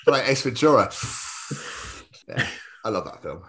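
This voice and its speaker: A Scottish man co-hosts a podcast with an animated, swooping voice at an ordinary middle pitch. He jokes around and swears freely, rambling off on playful asides. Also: normal speed, a little hiss or hum. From Scotland. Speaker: podcast co-host. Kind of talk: casual chat.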